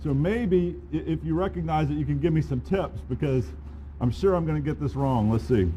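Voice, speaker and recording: A man's voice: a little high, brisk, dark tone, lo-fi sound, a little hiss or hum. A man with an Alabama accent giving casual, self-deprecating opening remarks at a conference, with many fillers. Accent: Southern US, Alabama. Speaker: conference organizer. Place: conference room. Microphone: handheld or podium mic, cutting out.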